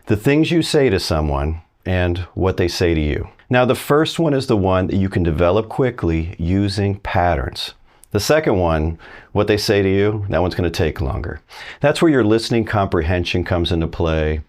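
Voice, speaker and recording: A man's voice: low voice, expressive, normal speed, darkish tone. A middle-aged man giving a video language lesson, talking straight to the viewer in a folksy, encouraging way. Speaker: Spanish teacher.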